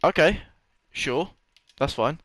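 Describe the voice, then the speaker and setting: Young vlogger, chatty and profane, a touch high-pitched, dry close sound. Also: male voice, animated, slow, fairly bright tone, dry recording, rough recording. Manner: rambling, swears freely, laughs often. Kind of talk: casual storytelling monologue.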